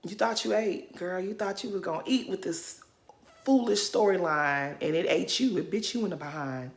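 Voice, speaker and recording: A woman's voice: lowish voice, normal speed. A woman giving casual reaction commentary, blunt and sassy, laughing as she rants. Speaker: reality TV commentator.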